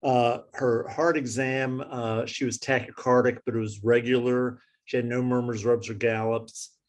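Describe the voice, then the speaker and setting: A man steadily lists physical exam findings in a brisk, matter-of-fact delivery. His voice sits at an ordinary middle pitch. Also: level tone. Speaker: case presenter. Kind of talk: reading a clinical case aloud.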